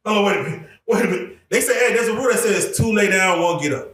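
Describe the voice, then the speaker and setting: Casting note: male podcast host, a bit high-voiced, keyed-up, recorded roomy and off-mic. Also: racing. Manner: excitable, interrupts with repeated "wait, hold on". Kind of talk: casual interview chat. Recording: roomy echo, distant from mic.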